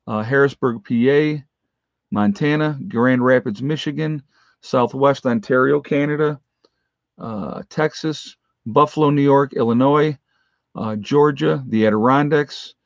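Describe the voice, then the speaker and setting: A man hosting a casual livestream, reading out where his viewers are from in a halting list with many fillers and thanking his supporters. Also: medium pitch, no room sound. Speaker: livestream host. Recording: dry, slightly dull home stream audio.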